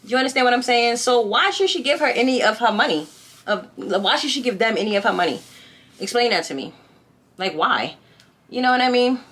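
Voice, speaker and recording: Bright-voiced woman telling a storytime. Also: a little high, fairly quick, breathy edge. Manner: chatty, rhetorical questions to viewers; animated gossiping retelling. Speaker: vlogger. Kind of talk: casual storytime chat. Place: home, by a window.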